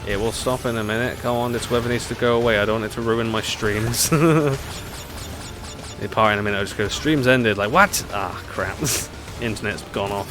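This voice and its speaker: A man's voice: lowish voice, little pitch movement, fairly quick. A man streaming a racing game live, rambling chattily and laughing often at his own jokes. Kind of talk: live gameplay chat. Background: game music.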